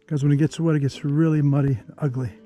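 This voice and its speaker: A man narrating a hike to the camera on an outdoor canyon trail, easygoing and chatty, thinking aloud with pauses. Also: a little high, fairly even intonation, warm tone, soft background music. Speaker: travel vlogger.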